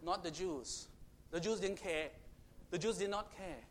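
A man preaching a sermon to children, storytelling dramatically and swinging between loud and hushed. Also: high-pitched, measured pace.

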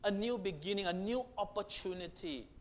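High-voiced man preaching a sermon. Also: lively intonation, normal speed. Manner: swings from loud proclaiming to hushed intimate tones; repetitive, emphatic phrasing.

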